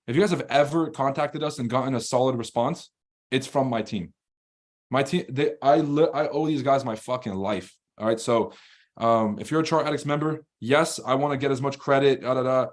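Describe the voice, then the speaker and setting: Male live-stream trading host, mid pitch, blunt and profane, combative with chat. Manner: fast, rambling and animated when ranting. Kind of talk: casual live-stream commentary reading chat.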